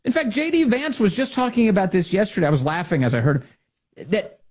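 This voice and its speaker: Animated, sarcastic male talk host. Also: high voice, a little fast. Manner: sarcastic and animated, mocking rhetorical questions. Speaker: political commentary host. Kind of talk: opinionated talk show monologue.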